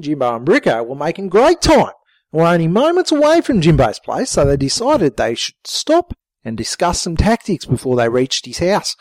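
A man narrating a comic story in an animated way, with casual swearing. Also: medium pitch, dry recording, low-quality recording.

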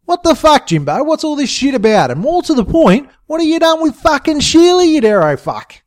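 A hot-headed young larrikin played by a man, yelling and swearing in a high, jumpy voice. The sound is dry and close. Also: sing-song, fairly quick, dry recording. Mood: furious.

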